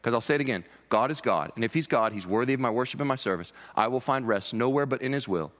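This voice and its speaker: Impassioned preacher in a reverberant church hall. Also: male voice, animated, fast talker, fairly bright tone. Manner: impassioned, rising high for emphasis. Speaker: pastor. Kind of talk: sermon. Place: church sanctuary.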